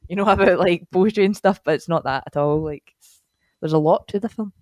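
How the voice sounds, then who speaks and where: A woman's voice: lowish voice, a little fast, a little mellow, no room sound, clean studio sound. A Scottish woman chatting enthusiastically on a podcast, often trailing off mid-sentence. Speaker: podcast co-host, guest sister. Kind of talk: casual chat.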